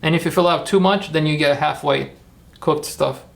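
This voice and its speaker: Gravelly man thinking out loud. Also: fairly high pitch, normal speed. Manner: thinking aloud, rambling, self-correcting. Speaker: streamer making AI videos. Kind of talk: live-stream screen-work commentary.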